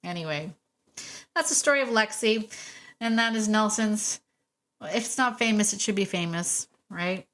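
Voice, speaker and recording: A woman hosting a solo podcast about dog training, chatty and warm, laughing often and repeating phrases for emphasis. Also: medium pitch, moderate pace. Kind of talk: casual solo podcast talk.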